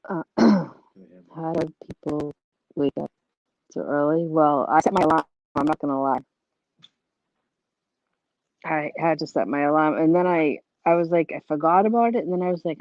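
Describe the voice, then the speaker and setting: A woman's voice: sits low, moderate pace, pauses often, no room sound, highs cut off. A tired woman chatting casually as a livestream guest, rambling and laughing often, her voice worn from lack of sleep. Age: adult with a child. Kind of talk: casual chat.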